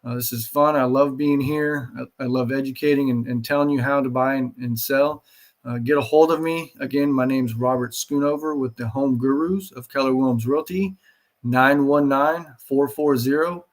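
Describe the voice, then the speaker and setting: A man talking as a real estate agent on a live show, pausing often with fillers. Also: mid-range voice. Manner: hesitant, many fillers. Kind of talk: live promotional talk.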